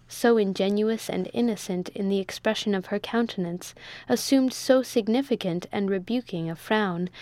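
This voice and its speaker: Woman, audiobook narrator, measured, formal, mid pitch, dry close sound. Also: a little mellow, no echo. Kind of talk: audiobook narration of a classic novel.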